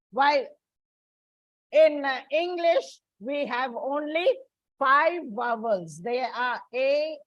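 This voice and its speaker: A woman's voice: sits high, no echo, rough recording. A woman from India giving a classroom lecture as an English teacher, explaining step by step with frequent restarts and fillers.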